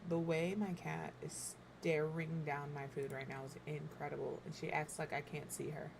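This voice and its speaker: A woman's voice: sits low, level tone, moderate pace, gravelly, background noise. Chatty millennial woman thinking aloud. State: talking while eating. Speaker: game builder streamer. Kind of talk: casual build commentary.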